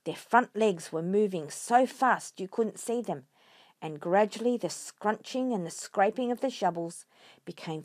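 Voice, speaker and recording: A woman reading a children's storybook aloud, expressive and lively. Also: mid-range voice, no room sound, clean studio sound.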